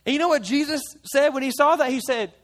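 A man's voice: extremely high pitch, fast, fairly bright tone. A man in character as a fisherman disciple, retelling a story to a church group in a chatty, playful way with side remarks. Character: folksy fisherman disciple retelling his memories.

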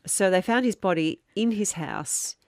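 A woman co-hosting a podcast in casual chat, talking things through out loud. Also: medium pitch, a little slow, no room sound, clean studio sound. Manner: chatty, thinks out loud. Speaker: podcast co-host. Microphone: studio mic.

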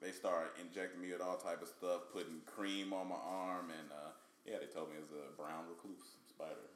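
A young man from North Carolina, a comedian guest telling jokey, animated stories in a casual interview, acting out the voices of the people in them. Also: sits low, moderate pace, echoey room. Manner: jokey, acts out voices in his stories, lively.

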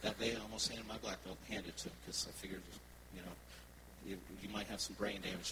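A low-pitched man delivers a sermon as a worship pastor, weaving personal stories into his message. He talks to the congregation in a conversational, animated way. Steady background noise is heard in the live church recording. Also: fast talker.

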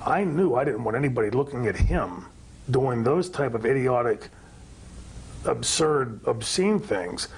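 Husky man recalling in an interview. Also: mid-range voice, lively intonation, measured pace, poor audio. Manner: earnest, hesitant with many uh fillers. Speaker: interviewed wrestler. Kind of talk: archive interview clip.

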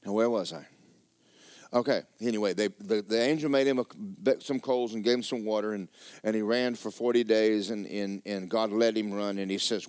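A man's voice: on the low side, fairly even intonation, normal speed, darkish tone, clean tone, no echo, studio quality. A man preaching a sermon as pastor, folksy and joking, repeating words for effect.

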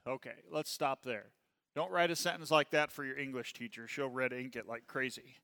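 A man leading a Bible study class, talking casually with his group and often asking "okay?", and reading scripture slowly and with emphasis. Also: medium pitch, pushed and bright, smooth, big-room sound. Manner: conversational, checks in with "okay?" often.

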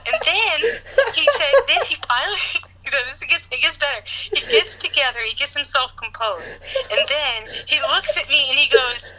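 A woman telling a personal story in a casual chat, animated and full of laughter and "like" fillers. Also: high-pitched, normal speed, a crowd in the background, low-quality recording. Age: adult parent. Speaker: guest answering questions.

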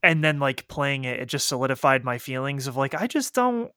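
A man chatting casually about video games. He talks quickly, with lots of fillers and restarts. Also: medium pitch, big pitch swings, pushed and bright, clear, resonant tone, dry recording, studio quality. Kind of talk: casual chat.

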